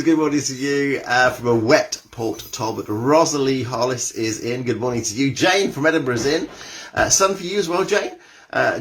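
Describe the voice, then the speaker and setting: A man's voice: medium pitch, fairly bright tone. A cheery, chatty man hosting a live online exercise class, greeting viewers by name and reading out their comments.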